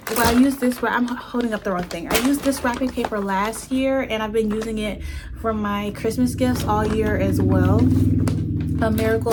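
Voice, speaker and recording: A woman's voice: fairly high pitch, background noise. Chatty young woman vlogging on a phone. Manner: chatty and self-teasing, drifting to hushed tones. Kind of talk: casual chat to camera. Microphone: phone front camera.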